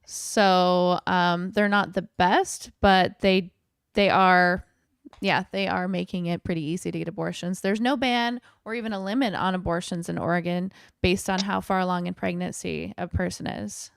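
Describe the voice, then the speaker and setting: A woman's voice: lowish voice, fairly even intonation, normal speed, gravelly, clean tone, no echo, clean studio sound. A woman co-hosting a podcast, chatting casually, laughing often and trailing off into fillers. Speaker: podcast co-host.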